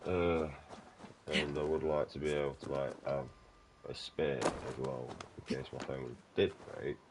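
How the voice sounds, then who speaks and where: Against a noisy background, a man with a bass voice talks over his gameplay in a level, unhurried way. He hosts a gaming channel and rambles along, swearing a lot and constantly saying "mate" to the listener.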